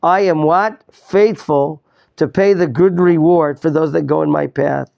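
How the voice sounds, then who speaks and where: A man's voice: sits high, a little slow, gravelly, a little mellow, muffled recording. A male rabbi teaching a Torah class, quizzing his students, repeating his questions and mixing in Hebrew terms. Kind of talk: interactive Torah lesson.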